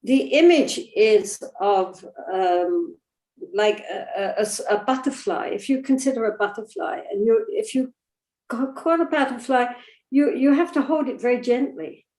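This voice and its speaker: An older woman speaks as a Buddhist teacher, gentle and thoughtful, her voice sitting a little high. She explains things slowly and often adds a soft "you know". The recording sounds roomy and echoey. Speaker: Buddhist teacher answering questions. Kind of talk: reflective spiritual teaching.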